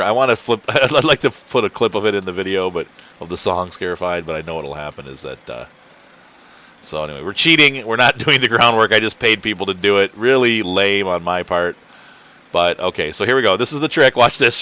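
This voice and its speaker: Chatty man with a bright voice. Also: fairly low pitch, expressive, fairly quick. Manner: rambling, chatty, laughs often. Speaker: gaming channel host. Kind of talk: casual let's-play commentary. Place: home, indoors.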